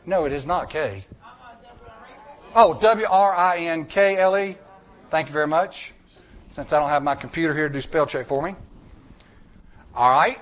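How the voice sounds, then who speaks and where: Man, preacher, high-pitched, emphatic, repetitive, joking asides, church sermon. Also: a bit bright. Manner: emphatic, repetitive, with folksy jokes.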